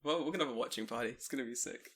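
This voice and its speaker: A man's voice: medium pitch, rapid-fire, a bit bright, slightly rough. A man hosting a podcast, chatting casually, swearing and laughing while tipsy. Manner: swearing, laughing, rambling after drinking. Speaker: podcast host. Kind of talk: casual chat. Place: Japan.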